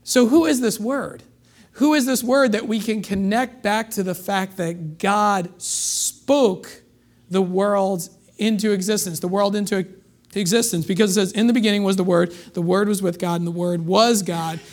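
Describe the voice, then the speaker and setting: High-voiced man preaching emphatically. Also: steady tone, normal speed. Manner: emphatic preaching, rhetorical questions, dramatic drops in volume. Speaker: pastor. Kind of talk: sermon.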